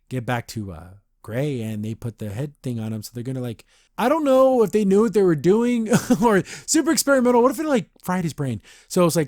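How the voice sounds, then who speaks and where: Brief: male podcast host, slightly high voice, dry close sound, rambling cartoon recap. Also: darkish tone, no room sound. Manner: chatty, rambling, quick mimicry of characters. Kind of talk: casual episode recap.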